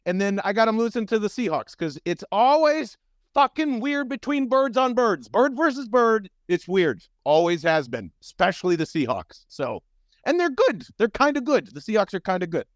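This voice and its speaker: Animated, swearing man on a podcast. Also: normal speed, dry recording, clean studio sound. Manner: animated, profane, jumps up and down in pitch. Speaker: podcast co-host. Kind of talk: casual sports podcast chat.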